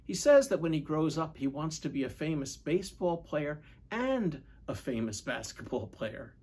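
A man, a priest, giving a measured, reflective Sunday homily and asking questions of his listeners. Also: fairly high pitch, animated, darkish tone, husky. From United States.

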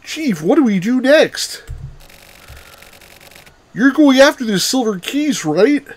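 A man's voice: extremely high pitch, big pitch swings, slow, pitched above the performer's own voice, heavily acted. A man voicing an eager, brash young male detective, pressing his boss with question after question. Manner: pushy, keeps pressing questions. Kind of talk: reading game dialogue aloud.

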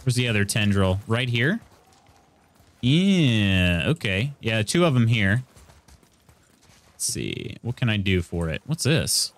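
A man's voice: on the low side, sing-song, takes it slowly, long pauses, slight background noise. A man from central Illinois giving casual live commentary while streaming a game, thinking aloud and greeting his chat. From central Illinois, USA.

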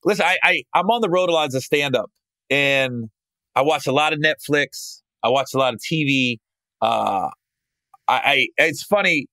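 A podcast host telling profane, animated stories from his youth in a casual way, acting out what people said. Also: medium pitch, normal speed, no room sound. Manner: profane, animated, acts out quotes. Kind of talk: casual storytelling.

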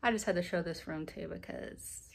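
A woman filming a casual family vlog, chatting gently and talking softly to her children. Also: lowish voice, moderate pace, creaky, husky. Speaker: family vlogger. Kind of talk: casual home video narration.

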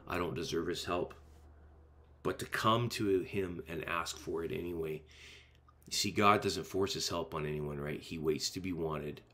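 Deep-voiced pastor preaching earnestly. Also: male voice, steady tone, normal speed, sharp tone. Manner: earnest, emphatic preaching with repeated rhetorical phrases. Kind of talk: sermon.

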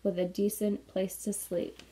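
A woman voicing a small, polite, earnest male mouse who is sick with a sore throat, in a gentle storybook reading. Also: medium pitch, level tone, a little slow, lightly acted, rough recording.

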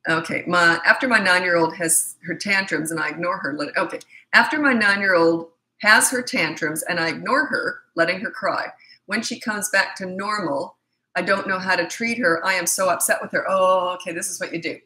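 A woman's voice: lowish voice, normal speed, bright, forceful tone, low-quality recording. A middle-aged woman parenting coach giving blunt, emphatic advice in a casual talk, acting out short exchanges between parents and children.

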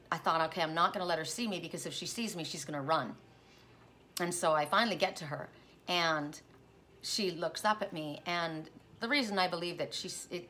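A woman's voice: fairly low pitch, sharp tone, slight background noise. A middle-aged woman, a tarot reader, telling a personal dream story in a rambling, self-interrupting way. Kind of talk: casual spoken storytelling.

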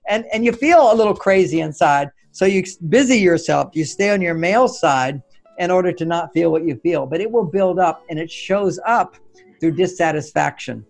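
An older man with a high, gravelly voice tells stories as a guest, acting out the voices of himself and his wife. Faint guitar music plays underneath. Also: expressive, normal speed. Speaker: relationship author as guest. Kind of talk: animated storytelling advice.

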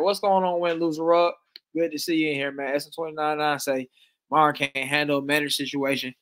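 A man with a somewhat high voice talks loosely through a live-stream reaction. He is slangy and casual, and he reads chat messages aloud between his takes. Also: a bit bright.

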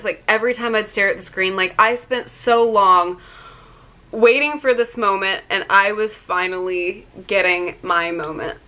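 A woman's voice: medium pitch, sharp tone. A young woman vlogger telling a personal story in a chatty, emotional way, full of "like" fillers. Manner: chatty, many "like" fillers, gets choked up.

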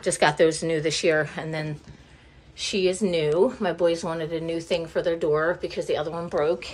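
A woman whose voice sits low, with fairly even intonation and a moderate pace, chats her way through her home decor. The handheld, indoor phone footage catches her a little out of breath and apologetic as the home vlogger rambles on.

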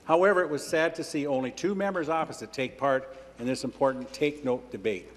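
A man's voice: medium pitch, a little fast. A man in a legislature reading a formal prepared question to a minister. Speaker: member of the legislature. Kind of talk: parliamentary question. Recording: reverberant legislative chamber.

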